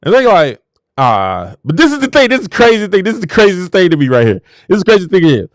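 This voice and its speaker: A high-pitched, fervent man preaching his message with huge swings of pitch, dropping to low murmurs and then bursting into shouts. His voice is recorded close and dry, with no room sound. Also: wildly swooping pitch, fast, no echo. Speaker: show host. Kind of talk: preaching-style motivational talk.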